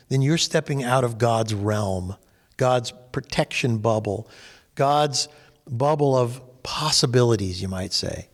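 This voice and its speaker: A man's voice: medium pitch, unhurried, in a large hall. A man from California tells a personal story while leading a faith discussion group, acting out the people in it. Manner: animated, acts out quoted people.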